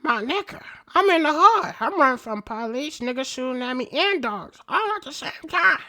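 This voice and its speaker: A woman's voice: sits high, animated, normal speed, bright, forceful tone. A woman playing a brash, crude-talking male street hustler in a game role-play, full of slang and jokes. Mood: joking, crude.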